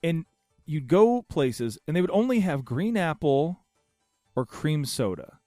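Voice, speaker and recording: A man's voice: on the high side, big pitch swings, a little slow, dark tone, no room sound, clean studio sound, soft background music. A man co-hosting a casual podcast, rambling and restarting with enthusiasm. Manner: rambling, self-interrupting, enthusiastic. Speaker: podcast co-host. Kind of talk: casual chat.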